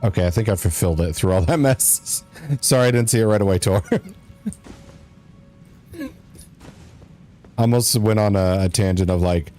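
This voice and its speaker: A man's voice: lowish voice, moderate pace, long pauses, warm tone, faint music behind. A man streaming a game, chatting casually and joking, at times hamming up a bro voice. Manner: joking, slips into a mock bro voice. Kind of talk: casual gameplay commentary.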